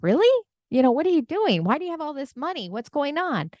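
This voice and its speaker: A woman voicing an irritated father who talks in a gruff, exasperated way. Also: on the low side, big pitch swings, moderate pace, no room sound. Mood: puzzled.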